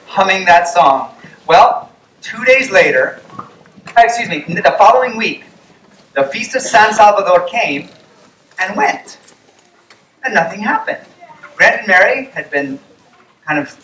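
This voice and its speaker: Storyteller, male, very high voice, animated, distant echoey tent sound. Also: slight background noise. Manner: animated, acts out voices of characters. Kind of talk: storytelling to children. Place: camp meeting tent.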